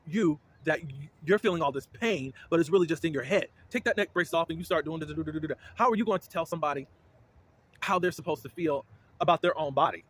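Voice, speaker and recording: A man giving casual, blunt commentary as a reality TV recap host, with indignant, animated reactions. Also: on the high side, a little hiss or hum.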